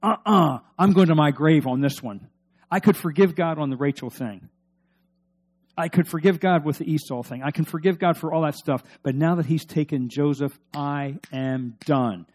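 A man's voice: a little high, normal speed, darkish tone, close to an everyday voice. A man preaching voices a grieving old man who refuses comfort, speaking up with stubborn emphasis. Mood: defiant grief.

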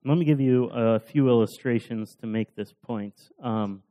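A man's voice: mid-range voice, normal speed, highs cut off. A man preaching a sermon, retelling parables in a casual, conversational storytelling manner. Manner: casual storytelling with fillers and restarts.

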